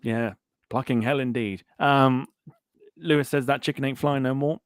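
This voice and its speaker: A man's voice: mid-range voice, steady tone, normal speed, clean tone, no echo, clean studio sound. A man hosting a casual aviation podcast, reading out live chat comments in a jokey way and laughing often. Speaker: podcast host.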